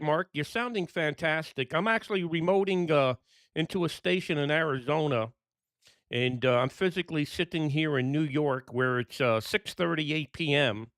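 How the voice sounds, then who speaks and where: Upbeat ham operator. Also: male voice, a little high, a bit bright, dry recording, clean studio sound. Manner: upbeat, enthusiastic, brisk call signs. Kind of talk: radio calls and casual chat. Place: home room in New York.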